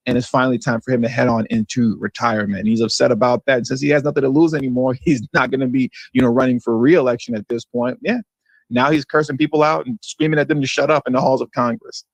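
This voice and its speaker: A man's voice: medium pitch, steady tone, fast, creaky, no room sound. A man from California hosting a livestream, giving casual political commentary with sarcastic, mocking repetition. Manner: sarcastic and mocking, repeats phrases for effect, chuckles. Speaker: livestream news commentary host. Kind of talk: casual political commentary to a live stream audience.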